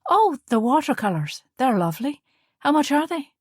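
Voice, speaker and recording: A woman's voice: sits high, very animated, normal speed, dry recording, clean studio sound, pitched above the performer's own voice. A woman voicing a wary woman who keeps her tone light and polite, feigning innocence.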